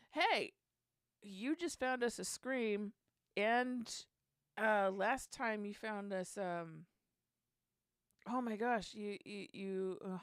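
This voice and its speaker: A woman's voice: medium pitch, clear, resonant tone, no room sound. A woman hosting a casual songwriting session, thinking aloud and trying out lyric lines under her breath.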